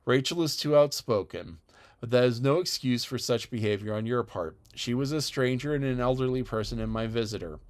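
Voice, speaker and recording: A man's voice: medium pitch, lightly acted. A man voicing a stern middle-aged woman guardian in an audiobook, speaking dryly and with severity. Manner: dry, severe, measured. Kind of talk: audiobook character voice.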